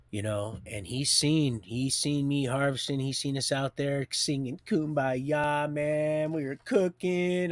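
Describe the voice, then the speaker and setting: A middle-aged man tells his life story live from home, where a door and a heater are nearby. He keeps drifting into folksy asides and restarts before circling back. His voice sits at an ordinary middle pitch, and the sound is dry and close with no room echo.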